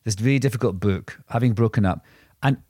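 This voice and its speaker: A man's voice: on the low side, brisk, darkish tone, husky, no room sound, clean studio sound. A man co-hosting a podcast, telling rambling anecdotes in casual chat with many restarts and asides. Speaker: podcast co-host.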